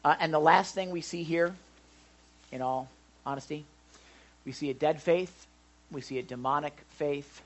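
A man preaching a sermon in church, animated, swinging between loud and hushed and asking the congregation questions. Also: fairly high pitch, normal speed, pauses often, poor audio. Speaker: pastor.

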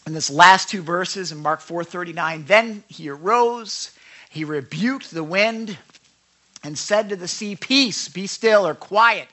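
Animated male preacher with bright voice. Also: fairly high pitch, low-quality recording. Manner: animated, acts out quotes of Jesus and disciples; conversational asides, self-corrections. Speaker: pastor. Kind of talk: sermon.

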